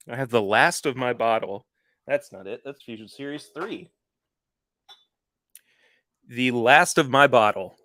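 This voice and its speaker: A man's voice: medium pitch, bright, forceful tone, dry recording, clean studio sound. A man hosting a podcast live stream, chatting casually with his viewers in a rambling way, often correcting himself, and openly tired. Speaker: podcast host.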